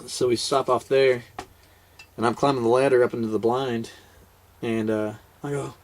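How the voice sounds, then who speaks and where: Male veteran, mid-range pitch, casual vlog storyteller; loose, rambling delivery full of restarts. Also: fairly even intonation, moderate pace, slight background noise. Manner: rambling, laid-back, many fillers and restarts. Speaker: military veteran hunter.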